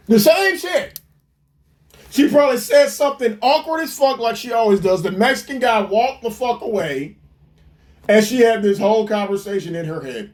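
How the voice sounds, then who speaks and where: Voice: medium pitch, lively intonation, moderate pace. A commentator ranting in a mocking, profane, incredulous way while reacting to a clip.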